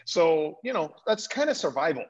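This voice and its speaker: A man co-hosting a casual talk show, chatting in an animated way and laughing easily. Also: a little high, moderate pace, a crowd in the background. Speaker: co-host. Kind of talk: casual chat. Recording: dull lo-fi sound.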